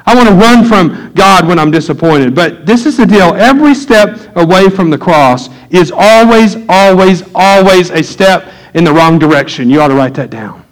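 A man's voice: high voice, lively intonation, normal speed, hardly any pauses, rough recording. A man, a pastor, preaching a conversational sermon, acting out little voices and asides.

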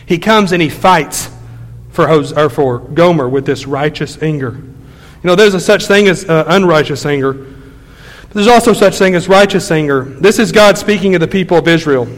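High-voiced preaching pastor, man. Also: moderate pace, in a large hall. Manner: preaching, swings from soft low asides to loud forceful exhortation. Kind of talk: sermon.

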